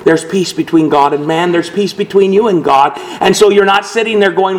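A man's voice: high-pitched, unhurried, few pauses, poor audio. Man preaching an earnest sermon. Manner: earnest preaching with dramatic quotations. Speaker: pastor.

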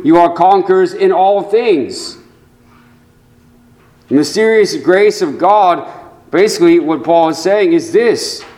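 A man preaching a sermon to his congregation, slow and measured, with deliberate pauses. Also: on the high side, a little mellow, rough recording. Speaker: pastor.

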